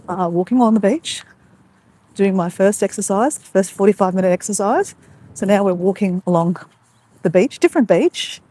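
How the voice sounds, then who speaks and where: A woman's voice: medium pitch, mellow. A woman with an Australian accent, live-streaming from her phone as she walks along a beach at sunset, chatting casually and greeting viewers by name. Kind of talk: casual live-stream chat while walking. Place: outdoors on a beach walk at sunset. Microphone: phone held while walking.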